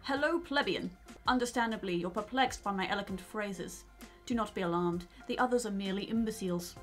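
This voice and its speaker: Cast: a woman as a snooty, pompous would-be ruler, low and lofty. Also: fairly quick, soft background music, close to an everyday voice. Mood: haughty. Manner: pompous, haughty.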